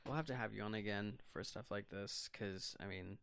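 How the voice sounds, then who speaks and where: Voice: sits low, normal speed, creaky, a bit bright, clear, resonant tone. A podcast co-host in casual chat, joking bluntly and swearing freely.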